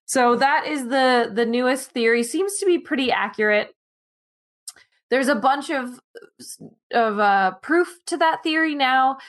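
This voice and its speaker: A woman's voice: high-pitched, animated, unhurried, fairly bright tone. A woman co-hosting a casual science podcast, explaining a study in a chatty way with asides, while sleepy and yawning. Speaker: podcast co-host presenting animal news.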